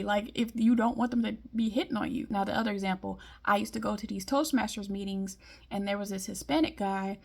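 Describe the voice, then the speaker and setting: A woman's voice: mid-range voice, brisk, vocal fry. A woman from Detroit giving a blunt, emphatic monologue in casual vlog style. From Detroit, US Midwest. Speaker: vlogger.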